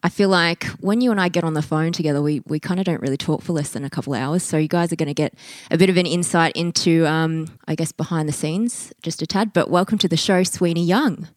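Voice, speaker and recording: A woman's voice: low-pitched, quick pace, few pauses, dry recording, clean studio sound. A woman, hosting a podcast in an upbeat, chatty way and laughing often. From Australia. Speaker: podcast host and coach. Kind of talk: casual interview chat.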